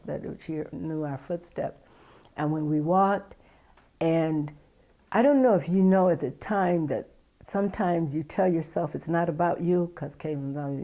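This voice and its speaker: A middle-aged woman, a mother, giving halting, emotional testimony in an interview and retelling the conversations she had. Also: sits low, dark tone, lo-fi sound.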